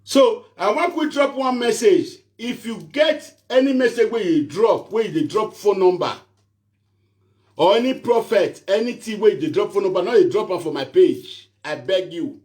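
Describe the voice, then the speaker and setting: A man's voice: high voice, lively intonation, moderate pace, darkish tone. A man speaking Nigerian Pidgin-accented English, ranting to his online followers as a self-styled prophet, repetitive and pleading. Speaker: social media prophet and show host. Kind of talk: animated rant to camera.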